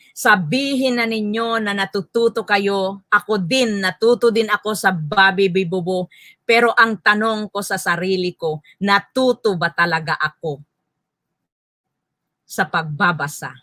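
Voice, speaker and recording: A woman's voice: mid-range voice, pushed and bright, no echo. A woman with a Filipino accent giving a training lecture to teachers, often checking in with "okay?" and repeating her points. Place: school launch event.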